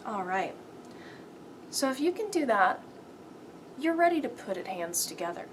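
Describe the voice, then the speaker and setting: A woman's voice: a little high, sing-song, moderate pace, a little hiss or hum. A woman piano teacher giving a step-by-step lesson, counting beats aloud and calling out rhythms. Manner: patient step-by-step instruction. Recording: piano playing loud under the voice.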